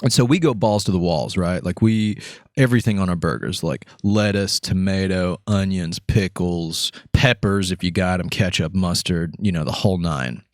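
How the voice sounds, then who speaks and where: A man's voice: moderate pace, dry recording, clean studio sound. Laughing, rambling young man telling a prank story. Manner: laughs through the story, voice climbs high with excitement; rambling, filler-heavy. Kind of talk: casual storytelling.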